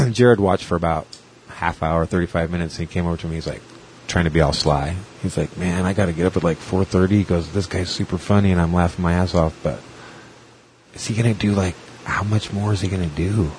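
A man's voice: deep voice, fairly quick, darkish tone, a little hiss or hum. A man who does stand-up, chatting casually and rambling through anecdotes, acting out the people he quotes. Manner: rambling storyteller, acts out quotes with laughs. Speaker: stand-up comedian. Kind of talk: casual chat.

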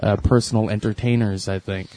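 A man's voice: fairly low pitch, fairly even intonation, brisk, mellow, dry recording. A man co-hosting a podcast, explaining things hesitantly with many fillers. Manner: hesitant, full of uh and like. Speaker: podcast co-host. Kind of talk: casual chat.

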